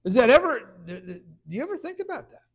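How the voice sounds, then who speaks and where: A man preaching a conversational sermon, stumbling over restarts and then rising into loud bursts of emphasis. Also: extremely high pitch, big pitch swings, a little fast.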